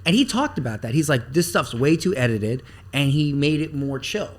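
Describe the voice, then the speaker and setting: A man talking as a podcast guest about marketing, animated and blunt, with some swearing, acting out the things people say. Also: on the high side, moderate pace. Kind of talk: casual podcast interview.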